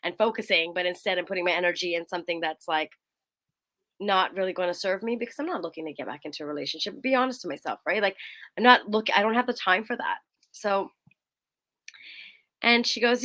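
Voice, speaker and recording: Talking fairly quickly, this young co-host shares a personal story during a casual chat, animated throughout and using a higher voice to act out quotes.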